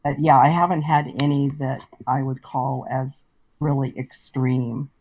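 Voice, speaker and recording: A woman guest in a casual online chat, earnest and thoughtful, pausing as she talks. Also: rumbling low, fairly even intonation, darkish tone, no echo, rough recording. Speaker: guest scambaiter. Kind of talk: casual video-call chat.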